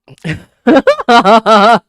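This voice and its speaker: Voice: medium pitch, huge pitch swings, very slow, fairly bright tone, no echo, studio quality. An author chatting casually to a livestream audience from a room at home, loose and profane, laughing often into a small microphone. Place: home room with window open. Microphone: small desktop microphone.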